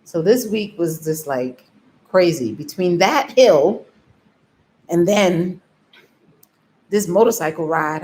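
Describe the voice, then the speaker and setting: Woman vlogging, kinda low voice, laughs a lot, acts out her own thoughts. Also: lively intonation, slow, long pauses, a little mellow. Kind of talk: casual storytelling.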